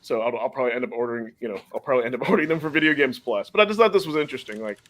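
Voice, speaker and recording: A man talks at a mid pitch as he hosts a relaxed podcast. He chats easily, laughs a lot and now and then trips over words. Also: rapid-fire. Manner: chatty, laughs often, stumbles over names. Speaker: podcast host. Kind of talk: casual podcast chat.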